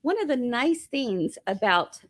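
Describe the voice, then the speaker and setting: A woman hosting a live sewing tutorial, bubbly and chatty and laughing often, her voice slightly hoarse. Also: a little high, sing-song, measured pace, no room sound, studio quality. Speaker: quilt shop host.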